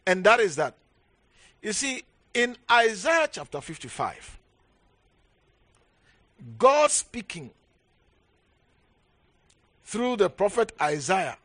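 A male bishop delivers an emphatic sermon, driving home each point by repeating it and punctuating it with hallelujah. His voice sits high for a man. The recording is dry and close, with no room echo. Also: big pitch swings, slow, pauses often, bright, forceful tone. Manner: emphatic, repeats key phrases, frequent hallelujahs. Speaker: bishop preaching.

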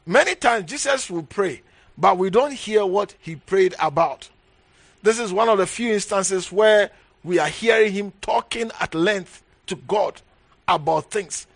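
High-pitched preaching bishop, man. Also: a little slow, vocal fry, no echo. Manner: emphatic, repeats key phrases, frequent hallelujahs. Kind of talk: sermon.

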